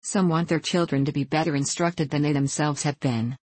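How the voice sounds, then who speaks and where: A woman reading the part of a gentle middle-aged clergyman father who speaks slowly and hesitantly. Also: low-pitched, steady tone, breathy edge, no room sound. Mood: anxious. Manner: slow, measured, hesitant.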